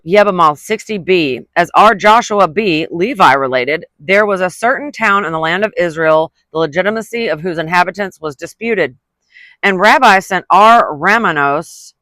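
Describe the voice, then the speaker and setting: A vlogger reading a letter aloud, pausing to add indignant asides and stumbling over unfamiliar words before retrying them. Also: mid-range voice, fairly bright tone, dry recording. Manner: reads quoted passages, then breaks off into indignant asides.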